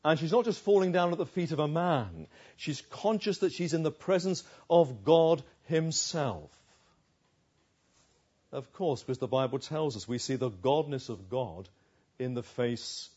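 A man preaches with expressive, slow delivery and a slightly raised, breathy voice. He drops to hushed lows for emphasis. The recording is dull and lo-fi. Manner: expressive, with dramatic pauses and soft, hushed lows. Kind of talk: expository sermon.

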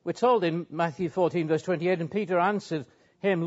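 Male preacher, earnest and emphatic sermon delivery, slightly high voice, muffled lo-fi sound. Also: fairly even intonation, moderate pace. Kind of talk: expository sermon. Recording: dull lo-fi sound.

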